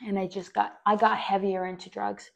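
A woman's voice: medium pitch, flat delivery, moderate pace, creaky, fairly bright tone. A young woman hosting a podcast, telling a personal story in a rambling way with many fillers. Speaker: podcast host.

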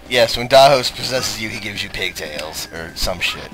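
A man's voice: on the low side, lively intonation, normal speed, few pauses, a bit bright, soft background music, poor audio. A young man giving casual, crude let's play commentary and laughing through his lines.

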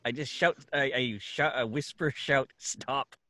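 A man's voice: medium pitch, moderate pace, bright, forceful tone, dry recording. A man playing a tabletop game, speaking hesitantly with dry jokes. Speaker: player. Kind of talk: casual tabletop play.

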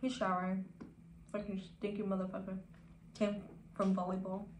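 A woman's voice: mid-range voice, monotone, moderate pace, slight background noise. A young woman in her twenties streaming from home, chatting casually with viewers in a laid-back, profane way that drifts into whispers. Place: home room. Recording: echoey room with faint ambience.

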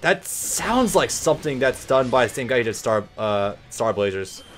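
A man's voice: mid-range voice, big pitch swings, moderate pace, faint music behind. A man giving casual gameplay commentary, laid-back, swearing freely and trailing off with ums. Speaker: let's play host.

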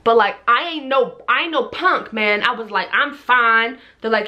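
A young woman vlogger telling a story in a casual, animated way, acting out everyone in it with big jumps in her voice. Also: on the high side, normal speed, few pauses.

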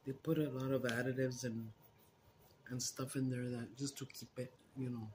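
A woman chats casually with her viewers, her voice hoarse and rough from a bad cold. She talks in an easygoing way and keeps switching between English and Spanish. There is a faint hiss behind her. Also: extremely low pitch, flat delivery, moderate pace, darkish tone. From Texas. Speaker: mukbang live-stream host.

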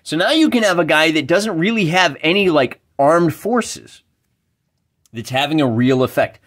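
Lively, enthusiastic male wargaming host. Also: on the high side, normal speed. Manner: enthusiastic, animated, reads rules aloud. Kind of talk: casual explanatory talk.

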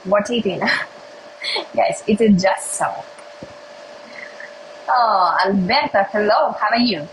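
A young woman from Russia, speaking English as a second language with a Russian accent, chats casually with her livestream viewers. She talks slowly and haltingly, in simple words, at a mid pitch. Faint noise sits behind her phone recording. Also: rough recording. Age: young adult. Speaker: livestream host.

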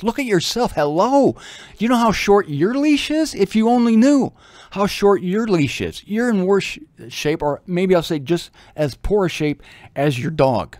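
Lively, joking male Bible teacher. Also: high-pitched, measured pace, no room sound, clean studio sound. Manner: humorous, animated, acts out little voices.

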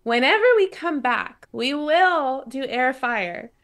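Young woman, co-host, casual chat, upbeat, laughs easily, somewhat high voice. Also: lively intonation, slow, fairly bright tone.

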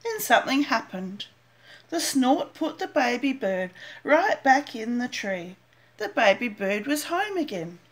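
An older woman, a grandmother, gently reading a children's picture book aloud with an expressive manner. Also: on the high side, measured pace. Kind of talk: storybook read-aloud.

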